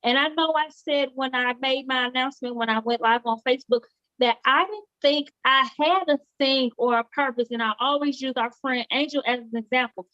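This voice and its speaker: A woman's voice: sits high, a little fast, pushed and bright, no echo, dull audio. A woman who owns a homecare business, talking earnestly in a casual interview and repeating phrases for emphasis. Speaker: homecare business owner, guest. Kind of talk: casual live interview chat.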